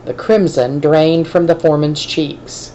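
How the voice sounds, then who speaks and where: A woman teacher reading a novel aloud to her class in a steady, measured way. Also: deep voice, muffled recording, a little hiss or hum.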